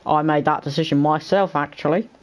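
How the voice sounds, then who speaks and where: A man's voice: on the high side, steady tone, brisk, crowd noise. A man commentating a sim race in a put-on Australian accent, with joking banter full of "mate". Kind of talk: casual sim racing commentary.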